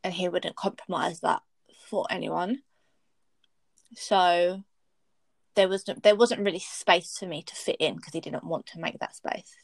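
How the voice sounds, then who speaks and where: A woman's voice: on the low side, steady tone, measured pace, gravelly, long pauses, no room sound. A young woman, candidly telling a personal story in casual chat, blunt and swearing freely.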